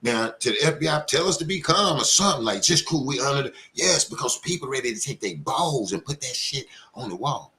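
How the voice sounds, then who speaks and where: A man in rants on a live commentary stream. His voice sits at a middle pitch, and he swings between outrage, mockery and cursing. He mimics the people he attacks with put-on quotes. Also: brisk, few pauses. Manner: angry, profane, animated, mocking with put-on quotes. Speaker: commentary show host. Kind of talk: heated live commentary rant.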